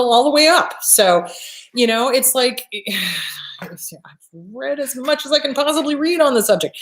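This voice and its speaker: A woman therapist giving blunt advice, emphatic and swearing freely, often acting out quoted voices. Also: on the high side. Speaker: therapist and show host. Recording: echoey room.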